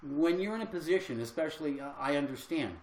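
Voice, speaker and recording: A man's voice: on the high side, lively intonation, quick pace, a little mellow, reverberant, slight background noise, poor audio. An older man and health coach talking casually on a livestream, earnest and rambling with fillers.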